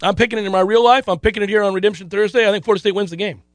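A man with a notably high voice runs through his betting picks in casual, rambling podcast talk. He circles back on himself, stumbles over words and laughs often. The sound is close and completely dry, with no room around it. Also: racing, dry recording. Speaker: sports betting co-host. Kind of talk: casual sports betting chat.

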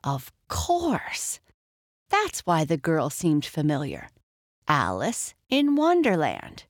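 A woman's voice: low-pitched, huge pitch swings, slow pace, no room sound, clean studio sound, heavily acted. A woman voicing a curious, stubborn young girl who speaks earnestly. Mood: surprised.

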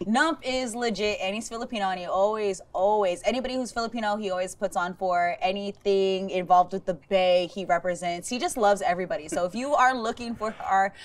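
Female podcast co-host, mid pitch, emphatic and slangy, sits back from the mic. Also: fairly quick, hardly any pauses, far from the mic. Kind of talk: casual chat.

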